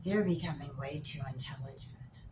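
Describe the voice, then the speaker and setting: An older woman chatting to camera as a vlogger, telling stories in an animated way and acting out both sides of her phone calls. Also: deep voice, normal speed. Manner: animated storyteller, acts out both sides of calls, gets loud when riled. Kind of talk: casual chat to camera. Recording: echoey room with faint hiss.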